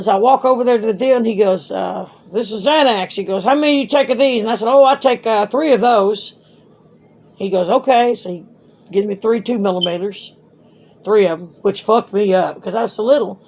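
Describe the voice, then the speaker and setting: A middle-aged woman with a medium-pitched voice tells her grown son long, casual stories. She's blunt and animated, swears freely, and speaks to him straight.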